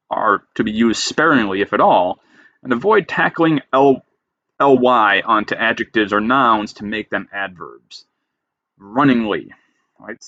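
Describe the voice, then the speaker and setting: A creative writing teacher reads style rules aloud in a lecture, then explains each one plainly and emphatically. His medium-pitched voice has a sharp tone, with no echo and the highs cut off.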